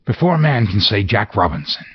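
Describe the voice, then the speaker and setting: A man voicing a jovial, fat old employer who calls out loudly and cheerfully. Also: fairly low pitch, big pitch swings, fairly quick, slightly rough, lo-fi sound, pitched above the performer's own voice, heavily acted. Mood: jovial, hearty. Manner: loud, hearty, cheerful shouting.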